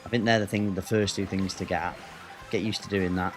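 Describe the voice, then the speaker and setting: A man's voice: low voice, steady tone, a little fast, music in the background. A man with an English accent chatting casually with his viewers as a gaming streamer, rambling and answering the chat.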